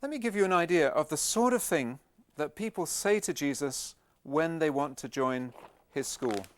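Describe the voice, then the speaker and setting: Gently persuasive man giving a talk. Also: a little high, lively intonation, normal speed. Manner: plain, conversational, gently persuasive. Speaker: speaker at a Christian camp. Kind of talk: Christian teaching talk.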